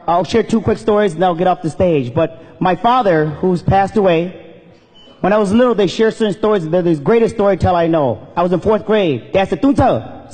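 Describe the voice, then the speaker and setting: A comedian giving an earnest, emotional storytelling speech on a stage. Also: male voice, sits high, darkish tone. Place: stage in a hall. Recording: long reverb in a hall.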